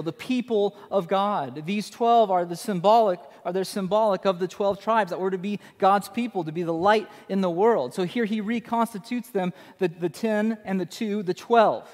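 A man's voice: high-pitched, moderate pace, few pauses, darkish tone, long reverb tail. A man preaching a sermon as pastor, emphatic and conversational, repeating his key phrases for effect.

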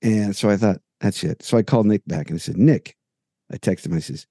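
A podcast co-host's lowish, mellow male voice, animated and fairly quick with a breathy edge, carries a long, detailed anecdote told in casual chat, with the dialogue acted out. The dry, studio-quality recording comes from a home room where jerseys hang on the wall.

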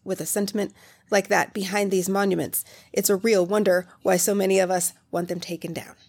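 A woman's voice: mid-range voice, steady tone, brisk, creaky, darkish tone. A woman co-hosting a casual podcast, chiming in with dry, wry remarks. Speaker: podcast co-host. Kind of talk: casual discussion.

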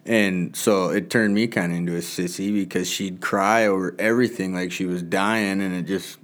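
A man in his thirties and father of young girls, chatting casually and acting out his own yelled warnings in a high voice. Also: steady tone, normal speed. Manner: storytelling, acts out his own shouts in a high voice. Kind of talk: casual chat.

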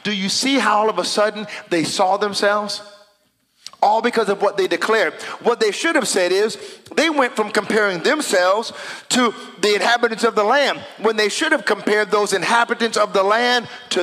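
A man preaching a sermon, reading scripture aloud and building to shouted declarations. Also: sits high, normal speed. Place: church sanctuary. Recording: long hall reverb.

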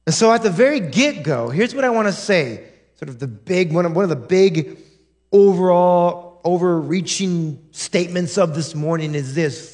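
A male pastor preaches a sermon in a church sanctuary, emphatic and direct, in a high-sitting, darkish voice with lively intonation at normal speed. He drives his points home by often pausing to say "listen" and checking "right?" with the congregation.

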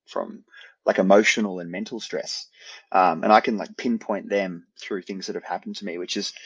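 A man's voice: deep voice, slightly rough, dry recording, low-quality recording. A man in his thirties from Australia with an Australian accent, a podcast guest chatting casually in an easygoing, rambling way. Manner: easygoing, rambling with restarts and laughs. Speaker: podcast guest, endurance athlete. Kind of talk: casual interview chat.

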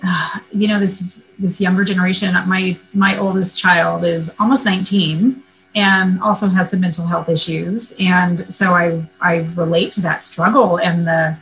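A woman in her forties hosting an interview, speaking in a warm, affirming and reflective way. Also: fairly low pitch, steady tone, measured pace, slight background noise, poor audio. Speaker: podcast host. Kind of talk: casual interview chat.

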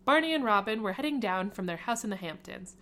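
A woman's voice: medium pitch, lively intonation, fast, bright, forceful tone. A woman hosting a podcast, casually reading fan fiction aloud and often laughing or stopping to comment.

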